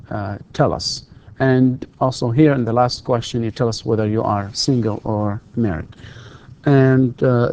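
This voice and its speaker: A man's voice: mid-range voice, gravelly, a little mellow, a little hiss or hum. A man lecturing university students on English, repeating drill questions and hesitating with many fillers. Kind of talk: recorded classroom lecture.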